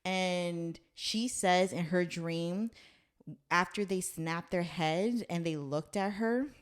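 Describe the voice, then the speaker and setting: A woman's voice: fairly low pitch, takes it slowly, smooth. A woman hosting a casual chat, retelling a story in a loose, rambling way with some swearing. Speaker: podcast host.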